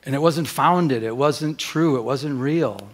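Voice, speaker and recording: A middle-aged man preaching a sermon as a pastor, telling a personal story with lively acted-out dialogue and many restarts. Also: mid-range voice, unhurried.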